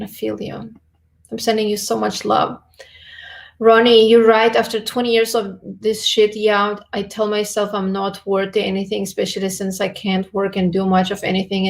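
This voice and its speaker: Lady on a live beauty stream, gushing and affectionate, some vocal fry in there. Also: medium pitch. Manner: warm, effusive and affectionate. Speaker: beauty and health YouTuber. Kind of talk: casual livestream chat reading viewer comments.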